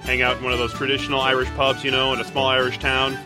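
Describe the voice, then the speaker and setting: A man's voice: medium pitch, completely flat delivery, fast talker, music in the background. A man hosting a casual podcast, easygoing and chuckling between remarks. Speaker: podcast host.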